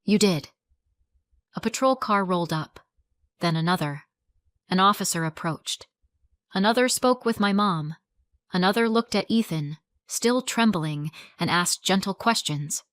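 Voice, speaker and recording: A woman narrating a story in a calm, measured storytelling voice. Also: fairly low pitch, clean tone, no echo, clean studio sound.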